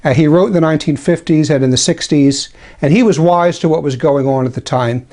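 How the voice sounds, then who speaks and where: A man's voice: on the high side, darkish tone. Man giving a dry critical commentary. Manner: deliberate, slows for quoted passages; dryly critical, ironic asides. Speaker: traditionalist Catholic commentator. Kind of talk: spoken commentary lecture.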